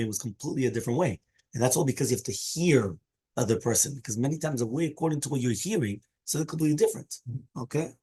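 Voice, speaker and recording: Explaining Aramaic phrases one by one in English, a man leads a daily Talmud class in a medium-pitched, slightly mellow voice with a breathy edge. Hebrew and Aramaic terms run through his English, and he frequently asks "right?" and "okay?".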